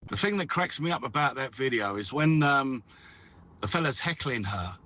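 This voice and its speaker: A man's voice: medium pitch, lively intonation, moderate pace, bright, forceful tone, dry recording. A man phoning in to a talk show, speaking in a mocking, scornful way. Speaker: caller.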